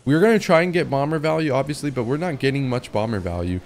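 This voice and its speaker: Young guy talking over his game, chatty and excitable, keeps laughing, voice jumps high when something goes wrong. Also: quick pace. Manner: chatty and excitable, laughing often, with sudden high-pitched outbursts. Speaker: gaming video creator. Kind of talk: live gameplay commentary.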